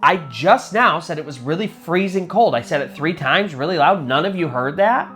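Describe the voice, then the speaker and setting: A man's voice: fairly high pitch, lively intonation, moderate pace, a bit bright, soft background music. A man voicing a confused young mother in a spooky story, asking urgent questions.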